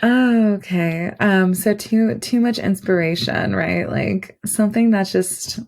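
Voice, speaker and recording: A woman's voice: medium pitch, slow, creaky, a little mellow. A woman guest on a podcast, telling a personal story in a rambling, casual way, full of fillers and restarts.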